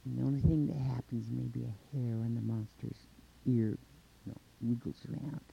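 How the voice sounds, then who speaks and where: A man telling a traditional folk tale in an unhurried way, linking events with 'and' and pausing on fillers. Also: mid-range voice, fairly even intonation, gravelly, warm tone, a little hiss or hum. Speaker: storyteller. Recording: dull lo-fi recording.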